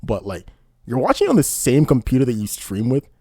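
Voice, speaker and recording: A man's voice: mid-range voice, wildly swooping pitch, fairly quick, warm tone, husky, no echo, studio quality. A man doing casual online commentary, indignant and rambling, often asking "you know what I mean". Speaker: commentary YouTuber.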